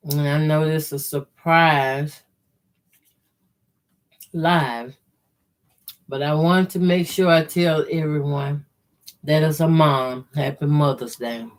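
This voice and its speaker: A woman's voice: sits low, steady tone. A woman chatting to viewers in an easygoing way while she sews quilt blocks on a livestream. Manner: slow, easygoing running commentary, addresses viewers as y'all. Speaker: quilter hosting a sewing livestream. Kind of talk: casual chat while sewing.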